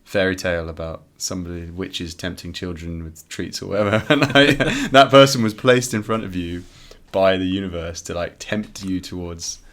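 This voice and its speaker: A man speaking as a guest on a casual podcast, with a very low voice. He muses thoughtfully and chuckles easily as he talks things through. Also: steady tone, normal speed, few pauses, fairly bright tone. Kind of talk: casual chat.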